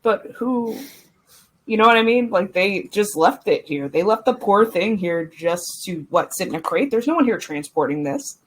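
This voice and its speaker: A woman playing a tabletop game, earnest and soft-hearted, quick to laugh. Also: mid-range voice, animated, slightly rough, poor audio. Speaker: player. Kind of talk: casual tabletop play.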